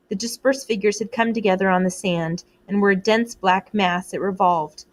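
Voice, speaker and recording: A woman reading a novel aloud in a measured, even storytelling voice. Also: mid-range voice. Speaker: reader.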